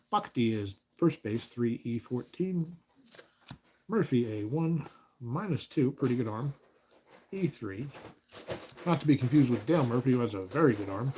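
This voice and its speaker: A man hosting a tabletop baseball game from home, using a put-on announcer delivery. His pitch swings widely as he reads out the lineups, with dry little jokes in between. A faint hiss sits under the voice. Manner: relaxed mock announcer delivery, dry asides. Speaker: host of tabletop baseball replays.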